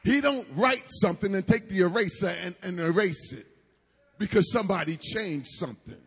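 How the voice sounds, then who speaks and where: A man's voice: sits high, expressive, moderate pace, slightly rough, big-room sound. A man preaching a sermon with emphatic cadence and asides to the congregation.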